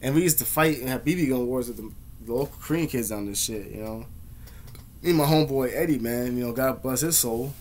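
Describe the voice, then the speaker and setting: A man's voice: medium pitch, brisk, darkish tone, a little hiss or hum. A young man vlogging, telling casual, slangy, profanity-heavy stories in a laid-back way. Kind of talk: casual storytelling.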